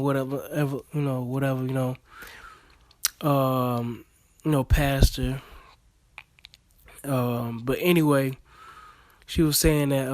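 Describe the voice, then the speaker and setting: Rambling man with a bright voice. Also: on the high side, dry recording. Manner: loose, rambling, with laughs and many fillers. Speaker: vlogger. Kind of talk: casual commentary.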